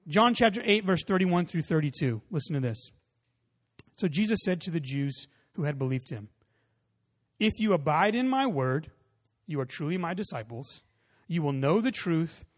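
High-voiced man preaching with rising peaks. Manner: conversational preaching, rising emphatic peaks, soft drop-offs. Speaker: pastor. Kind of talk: sermon.

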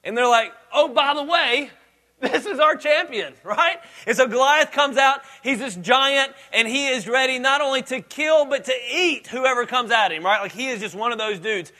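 High bright-voiced preacher man. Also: normal speed, few pauses. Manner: casual, joking storytelling with acted quotes. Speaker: pastor. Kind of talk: sermon.

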